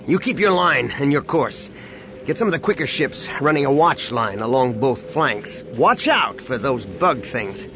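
A man voicing a gruff, grieving starship captain and father, speaking low, quiet and cold. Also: a little slow. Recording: steady background noise.

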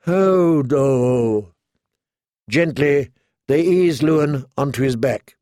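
A man narrating an audiobook in an even, measured storytelling manner. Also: medium pitch, vocal fry, no room sound, studio quality.

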